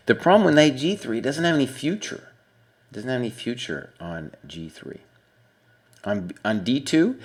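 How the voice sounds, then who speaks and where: Low-voiced man analyzing a chess game. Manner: conversational, thinks aloud with fillers and asides. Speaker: chess coach reviewing a member's game. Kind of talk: casual spoken game analysis.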